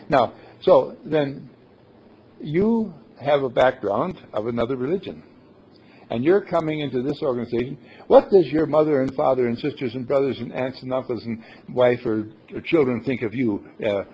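A man preaching a sermon to his congregation in a playful, animated way, laughing often. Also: mid-range voice, slightly rough. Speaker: minister. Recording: dull lo-fi recording.

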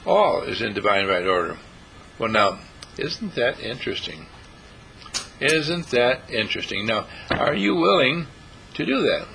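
A man's voice: mid-range voice, sing-song, a little slow, gravelly, sharp tone, a little hiss or hum, rough recording. A man hosting a spiritual talk show, preaching in a monologue full of rhetorical questions. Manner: preachy, rhetorical questions, voices imagined listeners. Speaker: radio talk host and dean of a healing school.

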